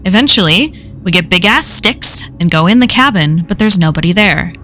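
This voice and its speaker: A woman's voice: lowish voice, lively intonation, moderate pace, fairly bright tone, faint music behind. A woman reading a first-person horror story aloud on a live stream, in a casual, conversational telling full of swearing.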